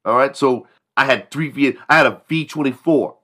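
A man voicing a bragging redneck teenage boy who drawls out tall tales in a fast, boastful patter. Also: medium pitch, sharp tone, voice pushed up.

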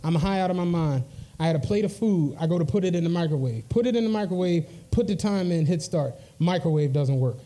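A man's voice: on the high side, quick pace. A man, co-hosting a live podcast and acting out a story with quoted lines at a comedy club show. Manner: animated storyteller, acts out his own lines. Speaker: podcast co-host.

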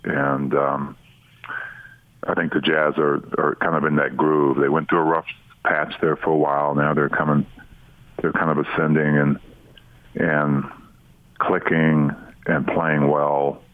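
A man being interviewed as a basketball broadcaster on a morning sports radio show, answering in a relaxed, halting way. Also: very deep voice, no room sound, narrow, tinny audio.

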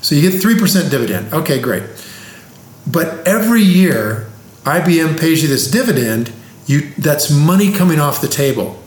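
A man's voice: a little high, big pitch swings, moderate pace. A man who explains investing plainly, like a teacher, with everyday examples in a casual conversation. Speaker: investing expert. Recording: roomy echo.

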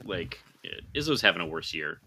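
A man's voice: sits low, big pitch swings, normal speed, sharp tone, husky. A man co-hosting a casual sports podcast, reading out listener questions with wry, laughing one-line answers.

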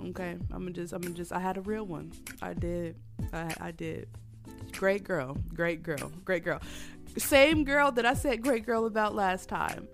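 A woman's voice: fairly low pitch, unhurried, faint music behind. A woman hosting a casual solo podcast while sick and coughing, candid and rambling, laughing often and calling her listeners y'all. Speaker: podcast host.

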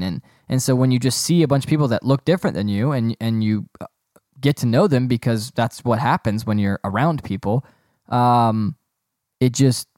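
A man's voice: mid-range voice, mellow, dry recording, studio quality. A young man hosting a solo podcast, rambling and sarcastic as he rants about things he finds dumb. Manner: rambling, sarcastic, breaks into giggling fits. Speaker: podcast host. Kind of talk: casual solo podcast rant.

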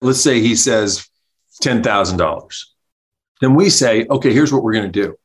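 A man telling a comic anecdote as a podcast guest, animated, acting out the people he quotes and laughing as he goes. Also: medium pitch, moderate pace. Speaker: guest storyteller, comedy writer. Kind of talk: casual anecdote.

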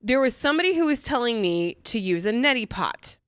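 A woman co-hosting a casual podcast, sarcastic and quick to laugh, swearing casually as she banters at a friend's house. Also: fairly high pitch, very animated, a bit bright, clear, resonant tone, no room sound, studio quality. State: sensitive stomach. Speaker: podcast co-host. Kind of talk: casual chat.

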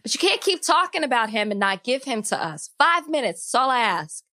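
A woman's voice: fairly high pitch, very animated, fairly quick, bright, forceful tone, a little hiss or hum. A woman co-hosting a podcast in casual chat, playful and teasing, often laughing. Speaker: podcast co-host.

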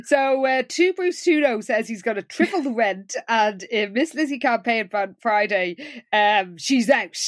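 High-voiced woman with wry jokes. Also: expressive, normal speed, dry recording. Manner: wry, dry jokes, laughs along. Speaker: podcast co-host. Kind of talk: casual chat recapping a TV episode.

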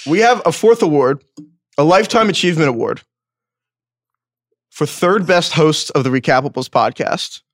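A man's voice: a little high, no room sound, studio quality. A man co-hosting a podcast, presenting awards in a mock-solemn, joking way. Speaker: podcast co-host. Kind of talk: casual chat.

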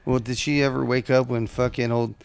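A man's voice: medium pitch, level tone, a little fast, vocal fry, clear, resonant tone, no echo. A man co-hosting a podcast, joking crudely and teasing, with heavy swearing. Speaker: podcast co-host. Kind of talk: casual chat.

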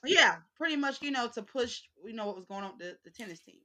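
A woman's voice: on the high side, lively intonation, over a noisy crowd. A young woman co-hosting a podcast, chatting about a TV episode and teasing her host. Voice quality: bright, quick reactions and teasing. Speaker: guest co-host. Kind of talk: casual TV recap chat.

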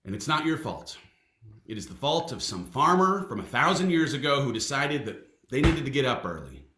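Vlog host, male, 30s; animated and playful, lively pitch, echoey room sound. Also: moderate pace. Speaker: vlog host and first-time author. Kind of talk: casual vlog chat.

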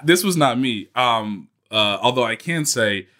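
A man co-hosting a casual sports podcast, telling stories in an animated, laughing way. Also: medium pitch, measured pace. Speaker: podcast co-host.

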